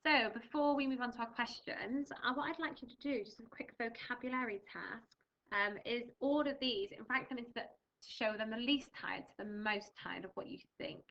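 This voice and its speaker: A woman's voice: a little high, moderate pace, muffled recording. A young English woman teaching a primary school reading lesson, patiently explaining words and reading a storybook aloud with expression. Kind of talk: recorded remote reading lesson.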